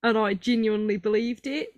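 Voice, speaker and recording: A woman's voice: fairly high pitch, fairly even intonation, a little fast, no echo. Rambling, self-mocking young woman host. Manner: chatty, rambling, self-mocking, lots of ums. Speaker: podcast host. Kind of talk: casual chat.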